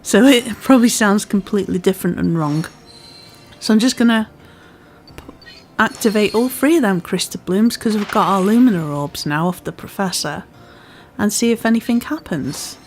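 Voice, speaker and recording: A woman's voice: mid-range voice, animated, normal speed, a little mellow, faint music behind. A woman with a part Scouse, part Welsh accent, casually commentating a game she is playing, chatty and self-deprecating. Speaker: gaming channel host. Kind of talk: casual let's-play commentary.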